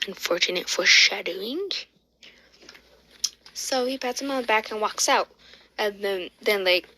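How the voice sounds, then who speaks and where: A woman's voice: mid-range voice, bright, forceful tone, no echo, poor audio. A woman casually retelling a fan story, rambling with many fillers and correcting herself as she goes.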